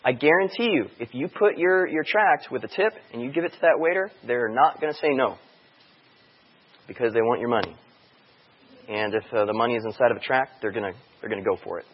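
A man's voice: mid-range voice, fairly quick, husky. A man giving a chatty church outreach talk to a live audience, telling stories and asking the room questions. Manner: anecdotal, chatty, quizzes the room. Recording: dull sound in a long-reverb hall.

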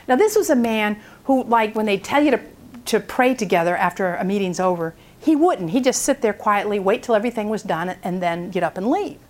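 A woman speaking at a prayer seminar, telling a story in an animated way and acting out its people. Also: medium pitch, fairly quick.

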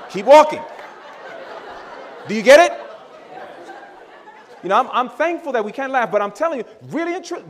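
A male preacher giving a sermon to a congregation, acting out family dialogue and calling his listeners brothers and sisters. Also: sits high. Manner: animated, laughing, acts out dialogue with his children; addresses audience as brothers and sisters.

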